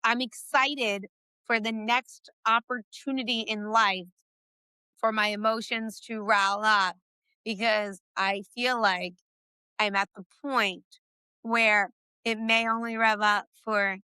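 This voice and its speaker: Bright, lively woman, podcast guest. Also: fairly high pitch, smooth, no echo. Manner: animated and fast-talking, fillers like "like". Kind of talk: casual conversation.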